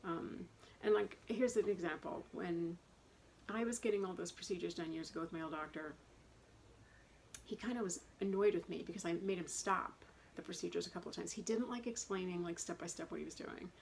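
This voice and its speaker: Chatty woman with a gravelly low voice. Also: a little fast, darkish tone, poor audio. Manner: chatty, rambling, self-described talker. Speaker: vlogger. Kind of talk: casual personal vlog. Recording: faint background noise.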